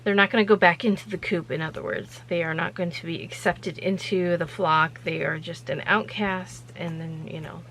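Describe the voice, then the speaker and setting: A woman's voice: on the low side, steady tone, moderate pace, hardly any pauses, fairly bright tone, a little hiss or hum, rough recording. Rambling, chatty woman vlogger. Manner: rambling, chatty, loose with frequent fillers. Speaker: vlog host. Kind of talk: casual storytelling vlog.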